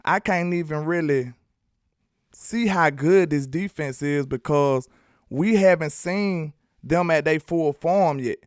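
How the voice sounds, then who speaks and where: A man from Alabama with a Southern accent giving animated, slangy football commentary, talking straight to his viewers. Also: fairly high pitch, takes it slowly, clean tone, dry recording, studio quality. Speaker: sports commentary host. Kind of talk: casual sports commentary vlog.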